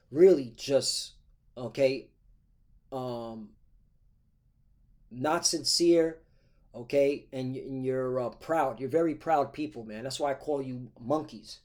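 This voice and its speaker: Reading scripture verses aloud in a medium-pitched, slightly mellow voice, a man delivers a sermon in a combative tone. He constantly interrupts himself with "all right? okay?"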